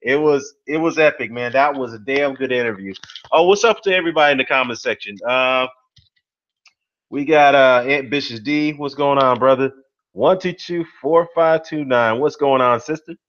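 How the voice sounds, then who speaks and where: A man's voice: medium pitch, moderate pace, fairly bright tone. A man hosting casual boxing commentary on a live stream, rambling with lots of "you know" and "man" fillers while greeting viewers in the chat. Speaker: boxing YouTube host. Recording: dull lo-fi sound.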